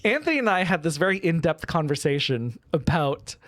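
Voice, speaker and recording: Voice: medium pitch, very animated, fairly quick, fairly bright tone, no room sound. Podcast co-host, casual chatter, rambles and laughs easily, dry close sound. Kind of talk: casual pop-culture chat.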